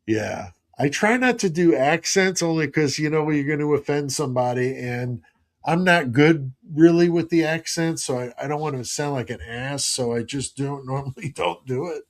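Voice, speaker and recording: A man's voice: a little high, normal speed. A middle-aged man hosting a live stream, chatting casually and rambling as he reads out viewer comments.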